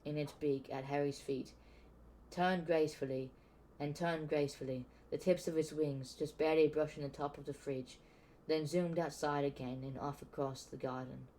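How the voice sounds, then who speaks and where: Dark-voiced man casually reading aloud. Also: a little high, steady tone, moderate pace, slight background noise, rough recording. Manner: stumbles and restarts words, reads on unfazed. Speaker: audiobook reader. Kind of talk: casual amateur book reading.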